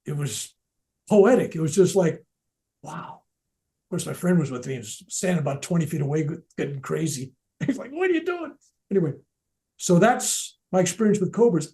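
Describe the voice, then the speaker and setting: An older man telling personal spiritual stories in a relaxed, unscripted way. His voice sits slightly high for a man and has a warm, mellow tone. He stumbles and restarts his sentences, and he sinks into soft, near-whispered words for emphasis. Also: brisk. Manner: animated storyteller, drops to near-whispers, restarts often. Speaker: speaker at a veterans event. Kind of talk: spoken personal storytelling.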